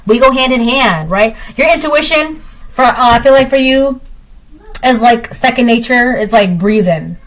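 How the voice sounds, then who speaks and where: A woman's voice: on the high side, lively intonation, moderate pace, low-quality recording. Chatty woman reading tarot. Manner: chatty, repetitive, tags lines with "right?". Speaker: tarot reader. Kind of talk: casual collective tarot reading.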